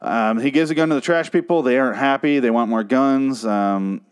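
A man's voice: medium pitch, normal speed, smooth. A man giving a profane, exasperated review of a TV episode, ranting and mocking the characters in put-on voices.

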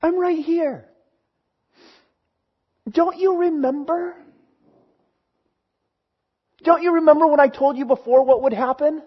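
A man voicing a gentle, reassuring risen male teacher, speaking tenderly and repeating himself on a dull, lo-fi recording. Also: extremely high pitch, quick pace, few pauses. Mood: tender reassurance. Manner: tender, pleading repetitions.

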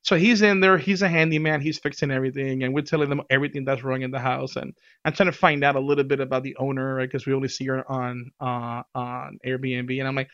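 A man casually telling a vacation story on a podcast, animated, often laughing and acting out what people said. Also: medium pitch, fast talker, lo-fi sound.

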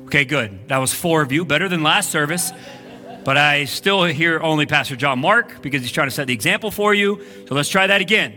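Man, pastor, bright forceful voice, slightly high, casual sermon with lots of "like", faint music behind. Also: normal speed. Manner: energetic, conversational preaching with frequent "like". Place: church sanctuary. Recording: live church service recording.

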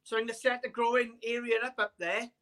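Welsh male caller, bright sharp tone, casual and hesitant, lots of fillers. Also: very high voice, level tone, quick pace. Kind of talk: casual chat.

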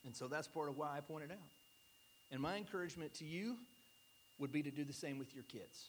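A man in his forties, a pastor preaching an earnest sermon, slowing down to stress key points. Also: a little high, a little hiss or hum.

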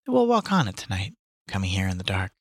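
A man's voice: deep voice, wildly swooping pitch, fast talker, husky, no room sound, heavily acted. A man reading aloud and voicing a grim, sardonic young man with dry, clipped lines.

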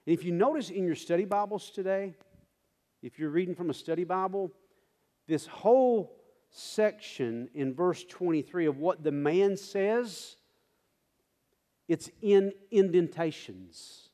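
A man preaching a sermon, animated and direct with his congregation, repeating phrases for emphasis. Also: high-pitched, a little slow, long reverb tail. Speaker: pastor.

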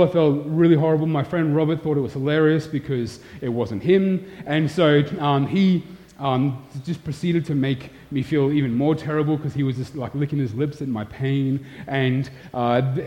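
Warm-voiced man preaching in a reverberant hall. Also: mid-range voice. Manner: candid, self-deprecating storyteller. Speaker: pastor. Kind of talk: sermon with personal storytelling. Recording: long hall reverb, dull sound.

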